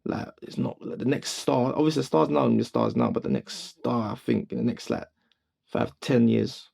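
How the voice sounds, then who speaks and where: A young man co-hosting a studio podcast, chatting casually in a slangy, rambling way with quick restarts. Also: medium pitch, huge pitch swings, gravelly, darkish tone. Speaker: podcast co-host. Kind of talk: casual chat.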